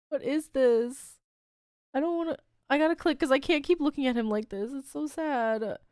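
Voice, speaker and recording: A woman's voice: sits high, unhurried, long pauses, darkish tone, no room sound, clean studio sound. A woman streamer reacting live to a fan game, exclaiming often, laughing and sighing between her remarks.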